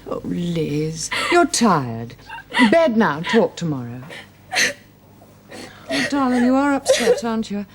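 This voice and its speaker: A woman's voice: medium pitch, very animated, slow, long pauses, noisy background. An actress playing a worldly woman who frankly and affectionately comforts a younger woman.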